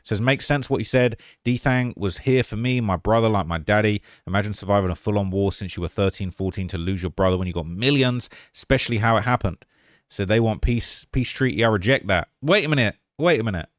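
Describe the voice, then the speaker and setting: A young man hosting a casual reaction commentary, reading viewer comments aloud in an animated way and often tagging lines with "all right?". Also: lowish voice, a little fast, no room sound, clean studio sound. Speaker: commentary channel host.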